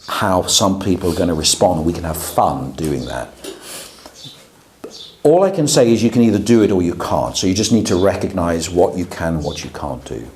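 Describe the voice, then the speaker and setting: Lively man lecturing on preaching. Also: lowish voice, a little hiss or hum. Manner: conversational, checks in with "Yeah?". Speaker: pastor teaching preaching. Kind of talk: lecture to a class.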